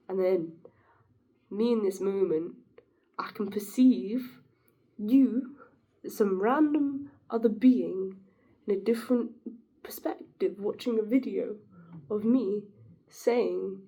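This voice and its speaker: A woman's voice: mid-range voice, dark tone. A woman talking to camera in a rambling, giggly monologue, musing philosophically and drifting off her point. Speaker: vlogger.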